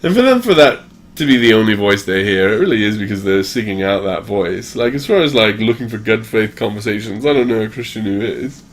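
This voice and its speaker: A man's voice: lowish voice, expressive, brisk, slight background noise. Forties guy a bit drunk, swearing a lot and rambling on his stream, kinda laughing between thoughts. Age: 40s. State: tipsy from drinking. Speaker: livestream host. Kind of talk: rambling casual livestream monologue.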